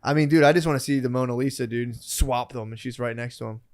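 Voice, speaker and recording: A man's voice: mid-range voice, fast, noisy background. A man in a laid-back podcast chat who swears casually and keeps calling people dude. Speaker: podcast co-host.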